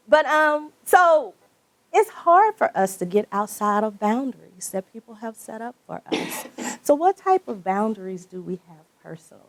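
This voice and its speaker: A woman's voice: on the high side, measured pace. A woman from Mississippi presenting an interactive workshop in a conference breakout room, telling stories and laughing with the group. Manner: animated, laughing, storytelling.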